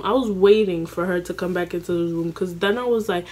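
A young woman vlogger telling a story in a casual, animated, profane way, acting out her own panicked lines. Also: lowish voice, normal speed. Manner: animated, profane, dramatic self-quoting.

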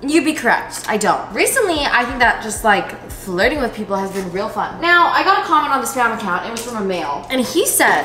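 A woman's voice: on the high side, very animated, fairly quick, sharp tone. Chatty, candid young woman in an echoey kitchen. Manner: chatty, candid, swears freely, says "like" often. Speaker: vlogger. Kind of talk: casual vlog chat to camera. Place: home kitchen. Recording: echoey room, faint ambience.

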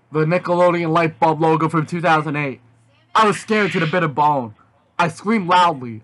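A man reading a fan story aloud, animated in his delivery. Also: fairly high pitch, moderate pace. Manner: animated, with shouted outbursts. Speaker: reader.

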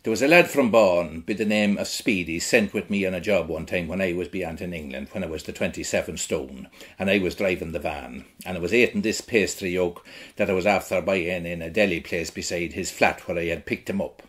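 Husky-voiced rural Irish man storytelling. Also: deep voice, a little fast. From Ireland. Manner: blunt, earthy storytelling. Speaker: actor in a one-man show. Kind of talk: theatrical monologue.

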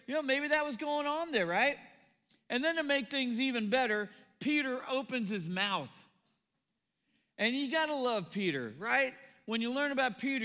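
A man preaching a sermon as pastor, animated, acting out the people in the story as he goes. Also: extremely high pitch, long reverb tail. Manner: animated, acts out quoted voices. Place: church auditorium.

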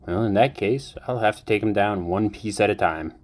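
A man with a deep voice reading a fan audiobook, voicing a flippant, cocky young fighter. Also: moderate pace, a little mellow, lightly acted. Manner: flippant wisecracks.

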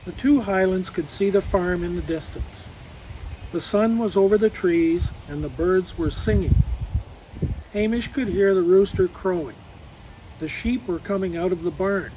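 A man reading a children's story aloud in a soft, even way, recorded outdoors. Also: sits high, measured pace, noisy background.

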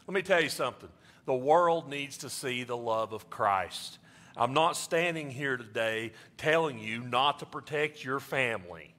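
Pastor giving an animated sermon, bright, forceful male voice. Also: measured pace. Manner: animated, jumps high in pitch for emphasis.

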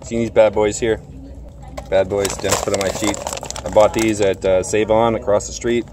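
A man's voice: lowish voice, level tone, normal speed, background noise. A man giving a casual, rambling food review, hesitant and full of filler sounds, sweating from spicy food. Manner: rambling, hesitant, lots of uh and repeats. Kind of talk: casual chat.

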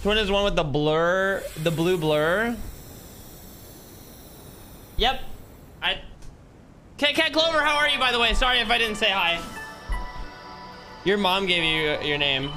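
A man's voice: high voice, unhurried, long pauses, pushed and bright. Jokey young man streaming a game. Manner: jokey, chats with viewers while playing. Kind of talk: casual gameplay commentary. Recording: game music playing behind.

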